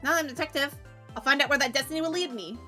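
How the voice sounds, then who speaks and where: A woman's voice: high-pitched, rapid-fire, bright, forceful tone, faint music behind. A woman voicing an eager, cheerful young woman detective in a video game, upbeat and earnest.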